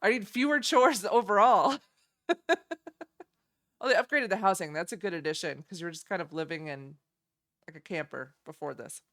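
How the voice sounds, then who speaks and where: A woman's voice: fairly low pitch, moderate pace, pauses often, fairly bright tone. A young woman streaming, chatting casually and giggling as she reacts to game trailers. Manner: chatty, giggly, easily delighted.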